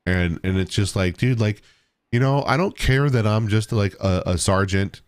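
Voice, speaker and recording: A man co-hosting a casual podcast, explaining his view in a steady, filler-laden way. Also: on the low side, moderate pace, smooth, dry recording, studio quality. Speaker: podcast co-host. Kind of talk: casual chat.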